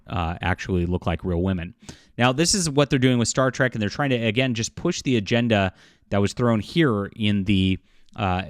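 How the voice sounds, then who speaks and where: A man giving casual opinion commentary, halting and full of fillers and restarts, with derisive chuckles. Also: fairly low pitch, no room sound, studio quality.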